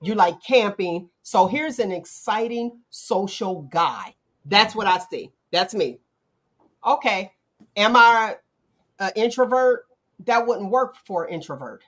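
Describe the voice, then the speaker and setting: Middle-aged woman hosting a chat show, lively, acts out what people say. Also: mid-range voice, slow. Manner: animated, acts out quotes in playful voices. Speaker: podcast host. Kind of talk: casual chat.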